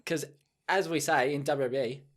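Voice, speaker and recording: A man's voice: mid-range voice, fairly even intonation, moderate pace, fairly bright tone. An Australian man, a regular on a sports podcast, boisterous and cocky in his banter.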